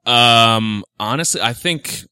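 A man appearing as a podcast guest who describes his own delivery as monotone and rambles through his opinions. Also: mid-range voice, slow, smooth, no echo. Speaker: podcast guest, chiptune musician. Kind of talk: casual comedy podcast chat.

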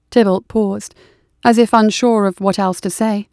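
Steady woman narrating a story. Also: mid-range voice, unhurried, no room sound, clean studio sound. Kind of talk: audiobook narration.

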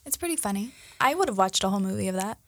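A woman's voice: medium pitch, lively intonation, very fast, dry recording, clean studio sound. A woman co-hosting a podcast in casual chat, with a wry, teasing way of talking. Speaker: podcast co-host.

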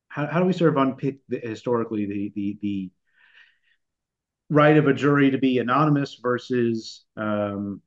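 A lower-pitched man who co-hosts a podcast and talks through his points in a halting, thoughtful way. He restarts his phrases and fills pauses often. The recording is muffled and lo-fi. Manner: hesitant, many restarts and fillers. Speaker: podcast co-host. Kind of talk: conversational discussion. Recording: dull lo-fi recording.

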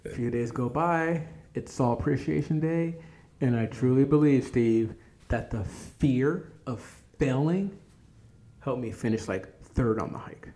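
A man's voice: mid-range voice, unhurried, mellow. A man as a podcast guest, telling stories of his life in a laid-back, casual way, swearing freely and laughing at himself. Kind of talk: casual storytelling interview.

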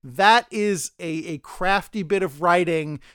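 A man's voice: sits high, slow pace, fairly bright tone, smooth, dry recording, clean studio sound. A man co-hosting a casual podcast discussion, rambling and often stammering as he restarts his sentences. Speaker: podcast co-host.

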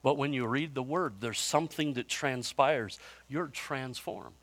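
A man's voice: mid-range voice, a little slow, a bit bright. A man in his fifties preaching a sermon in a conversational storytelling way, with self-mocking humor and frequent restarts. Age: 50s. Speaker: pastor.

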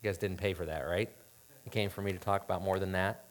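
A man's voice: deep voice, steady tone, fast. Earnest, conversational male preacher. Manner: conversational, earnest, with asides to the audience. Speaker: pastor. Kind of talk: sermon.

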